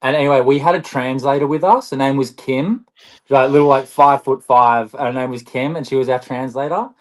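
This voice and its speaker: This is a young man, a basketball player guesting on a podcast. He tells his stories in a chatty, rambling way, with restarts and lots of "like". His voice sits in a medium pitch range. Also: fairly quick, rough recording. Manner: chatty, rambling, animated storyteller. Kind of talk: casual podcast storytelling.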